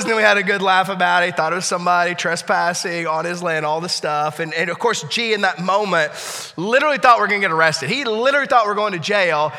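A man in his thirties preaching a sermon in a church, telling a story that shifts between hushed and loud. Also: high voice, fast talker. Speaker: pastor. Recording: echoey church hall.

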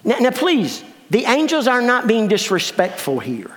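High-voiced man preaching in a reverberant hall. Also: wildly swooping pitch, normal speed. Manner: dramatic, swings between hushed and exclaiming. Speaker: pastor. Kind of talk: storytelling sermon. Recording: long reverb of a large hall.

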